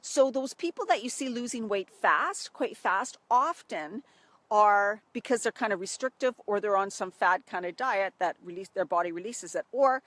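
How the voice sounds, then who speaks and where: A woman's voice: mid-range voice, lively intonation, normal speed, a bit bright, no room sound. A middle-aged woman, a health coach, talking casually outdoors by a stream and acting out worried inner voices. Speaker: health coach for women over 40. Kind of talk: casual live video talk.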